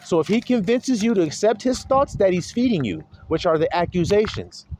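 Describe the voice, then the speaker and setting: Guy preaching a sermon, high voice, swings up and down a lot, keeps firing questions at the flock. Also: animated, a little fast, background noise. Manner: preaching with rhetorical questions to listeners; calls listeners little flock.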